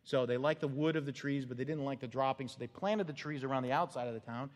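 A man's voice: mid-range voice, quick pace, in a large hall. A man preaching a sermon as a pastor, talking conversationally and animatedly, acting out quotes and laughing at his own jokes.

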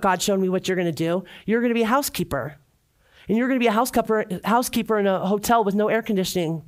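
A middle-aged woman giving a heartfelt personal testimony at a church gathering, speaking earnestly and repeating phrases for emphasis. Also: medium pitch.

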